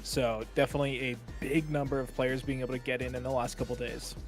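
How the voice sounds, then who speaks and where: A man giving color commentary on a fighting game tournament, relaxed and analytical, with plenty of fillers. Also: medium pitch, quick pace, faint music behind.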